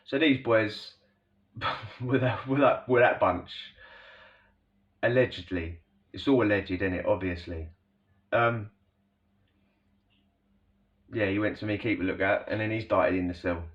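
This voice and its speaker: A man with a fairly low voice takes his time, leaving long pauses as he casually recounts prison life. His story rambles, full of slang and asides to the listener, in a distant, dull lo-fi recording.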